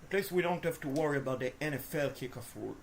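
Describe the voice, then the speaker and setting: A woman commentating her own video game play, swinging between frustrated groans and shouted cheers, talking to the players and to her viewers. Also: sits low, fast, a little hiss or hum. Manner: talks to the players and to viewers as folks. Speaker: gaming video host. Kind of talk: live gameplay commentary.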